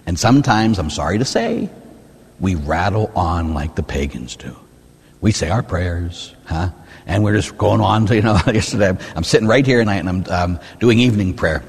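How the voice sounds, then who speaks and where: A man, a Catholic priest, preaching a sermon in an animated, rhetorical way, often asking "huh?". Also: low voice, normal speed, gravelly, breathy edge. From United States. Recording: reverberant hall.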